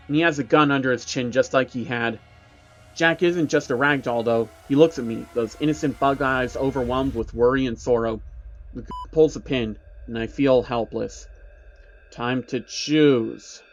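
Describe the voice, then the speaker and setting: Male horror story narrator, dramatic and tense, mid pitch, faint music behind. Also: fairly bright tone. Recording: dull recording with background music.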